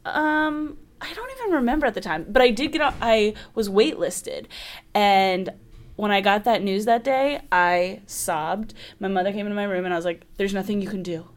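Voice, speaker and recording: A woman in her thirties, a guest in casual chat, telling stories in an animated, theatrical way and laughing often. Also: mid-range voice, normal speed.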